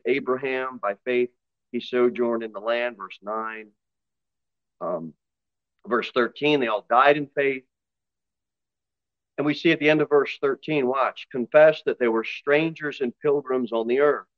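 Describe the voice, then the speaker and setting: A man with a Northern US accent, a pastor giving a sermon in a conversational style with quick asides and voiced impressions. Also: mid-range voice, dry recording, highs cut off. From northern United States.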